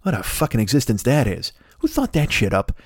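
Male podcast host, mid-pitched, loose rambling profane comic riffing, dry close-mic sound. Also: wildly swooping pitch, brisk, husky, no room sound. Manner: rambling, profane, laughing at his own jokes. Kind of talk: late-night solo comedy rant.

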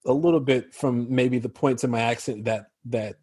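A man's voice: medium pitch, moderate pace, mellow, breathy edge, dry recording, studio quality. An American man from Chicago, a guest actor in casual podcast chat, rambling loosely and laughing often.

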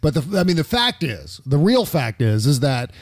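A man's voice: a little high, sing-song, moderate pace, dry recording, studio quality. A man co-hosting a casual political chat show, blunt and sarcastic, swearing freely and talking with many fillers. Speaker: podcast co-host.

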